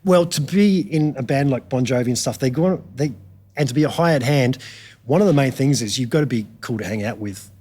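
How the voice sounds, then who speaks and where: A middle-aged Australian man, a guitarist guest telling frank, animated stories in a casual chat. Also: medium pitch, a little fast, husky. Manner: animated storyteller, frank and chatty.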